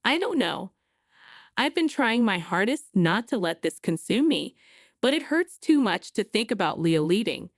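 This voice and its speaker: A woman voicing a heartbroken young wife who speaks softly and apologetically. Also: mid-range voice, very animated, a little slow, no echo, clean studio sound. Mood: hurt. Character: heartbroken young wife, gentle and self-blaming.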